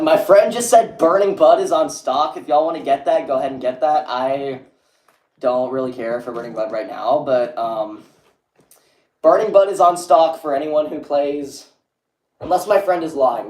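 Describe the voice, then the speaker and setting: A man's voice: medium pitch, darkish tone. A young man chatting casually on a livestream, rambling and reading viewers' messages aloud. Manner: rambling, reads chat aloud, lots of "like". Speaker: streamer. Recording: echoey room.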